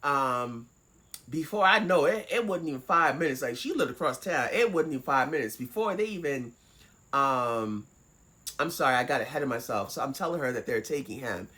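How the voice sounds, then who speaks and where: A woman vlogger tells a personal story in an animated, swear-heavy way. Her pitch swings widely as she talks. The tone is casual and conversational. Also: normal speed. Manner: animated, profane, acts out voices.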